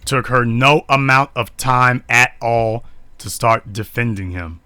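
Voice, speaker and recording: A man delivers an indignant, preachy live-stream commentary, circling back to the same rhetorical questions again and again. His voice is bright and forceful at a middling pitch. It is recorded close and dry, with almost no room sound. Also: unhurried, clean tone, no echo. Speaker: online commentator.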